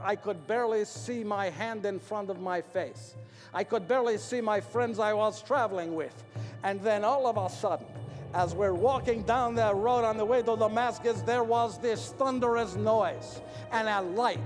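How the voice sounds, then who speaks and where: A man's voice: sits high, in a large hall. A man portraying a biblical figure, telling a dramatic first-person story and repeating phrases for emphasis.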